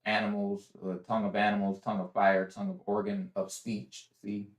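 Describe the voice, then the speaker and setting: A man's voice: fairly low pitch, completely flat delivery, fairly quick. A man co-hosting a live faith talk show, reading verses aloud and breaking words down in a preachy way. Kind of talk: casual live discussion with scripture reading. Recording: roomy echo.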